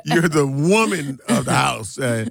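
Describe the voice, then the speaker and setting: A man's voice: mid-range voice, sing-song, a little slow, vocal fry, a bit bright, husky, no room sound. A man co-hosting a morning radio show in a studio, joking and laughing in playful banter. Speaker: radio co-host.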